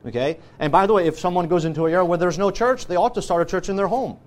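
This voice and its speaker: A man with a notably high voice teaches from the pulpit as a pastor. He moves point by point through scripture references with emphatic, firm delivery. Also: rapid-fire. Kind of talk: sermon teaching.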